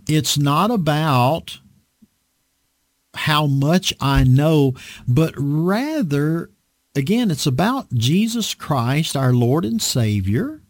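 Slow-talking, animated male preacher. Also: on the high side, no echo, clean studio sound. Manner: halting with fillers and restarts, earnest. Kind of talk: unhurried sermon-style talk on a program.

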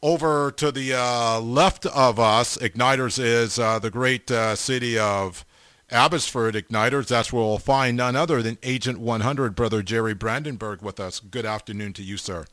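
A middle-aged man hosting a radio show, giving casual shout-outs to listeners with lots of fillers and repeated amens, speaking close to the mic. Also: mid-range voice, fairly even intonation, normal speed, no echo.

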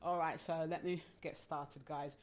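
A woman's voice: low voice, fairly even intonation, measured pace. A young adult woman with a Jamaican accent, a little out of breath, hosting a casual gospel live stream, chatty and affectionate as she greets viewers by name and laughs often.

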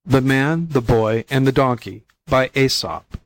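A man reading fables aloud as a volunteer audiobook narrator, in plain, even storytelling. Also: medium pitch, a little slow, no echo, low-quality recording.

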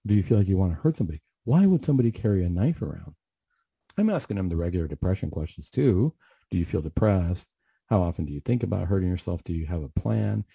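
A man's voice: low voice, very animated, fast talker, vocal fry, warm tone, slightly rough, no room sound. A man on a radio show telling a personal story in an earnest, conversational way, often restarting his sentences.

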